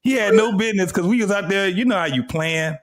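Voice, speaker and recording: A man's voice: sits high, fast. A young man co-hosting a casual podcast, telling a childhood story and laughing often as he talks. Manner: animated, laughs often while telling stories. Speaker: podcast co-host.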